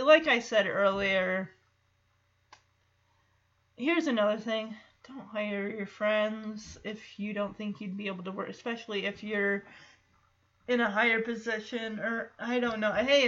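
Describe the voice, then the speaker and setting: Woman podcast host, chatty and amused, bright tone, slightly muffled lo-fi recording. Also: medium pitch. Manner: chatty, amused, loose with filler words. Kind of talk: casual episode recap.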